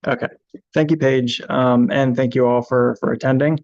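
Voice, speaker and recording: A man presenting a lesson in a steady, flat voice with a gravelly edge, pausing often on ums and uhs. The sound is dry and dull, like a lo-fi recording. He walks his listeners through best practices step by step. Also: medium pitch, no echo. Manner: hesitant, many ums and uhs. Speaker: information manager.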